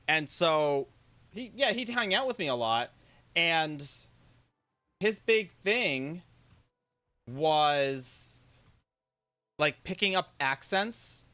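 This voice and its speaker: A man's voice: a little high, big pitch swings, very slow, pauses often, bright, forceful tone. A man with a light Massachusetts accent, rambling through a story in casual chat as a stream co-host, full of "like" and "right?".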